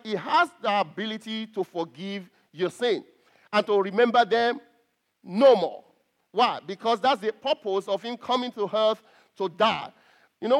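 A man's voice: sits high, fairly bright tone. A man preaching a sermon to a congregation, stressing key words and often repeating himself as he restarts.

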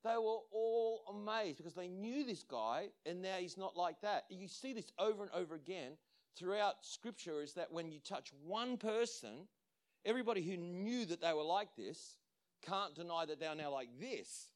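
A man, a pastor, preaching a sermon and telling a story with lively acted-out quotes and frequent laughter. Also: high-pitched, moderate pace, clear, resonant tone. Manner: animated storytelling, acts out quotes, laughs often.

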